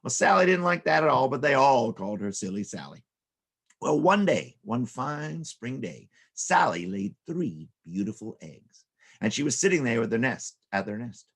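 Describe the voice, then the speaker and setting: A man telling playful children's stories, his pitch swinging widely as he narrates. His voice is gravelly and husky. He drops in sound effects and silly asides. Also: big pitch swings, normal speed. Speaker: children's storyteller. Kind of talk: storytelling for children.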